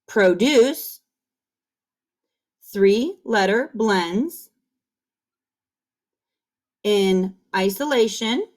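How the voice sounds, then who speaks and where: Slow encouraging kindergarten teacher woman. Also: medium pitch. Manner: slow, encouraging call-and-repeat drilling. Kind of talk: online phonics lesson. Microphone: camera facing the speaker.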